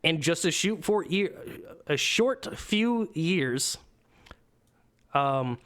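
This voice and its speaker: Smooth-voiced guy rambling about games. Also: on the high side, lively intonation, drawn-out words, fairly bright tone. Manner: rambling, filler-heavy, swears casually. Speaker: podcast co-host. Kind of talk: casual gaming podcast chat.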